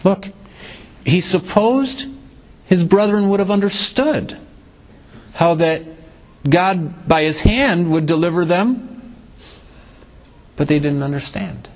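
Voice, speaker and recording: A man with a high voice preaches from scripture. He reads verses, then explains them, often sinking low and then climbing back up to drive a point home. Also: expressive, slow, long pauses. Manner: expository preaching with shifting emphasis, dropping low then rising. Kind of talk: sermon.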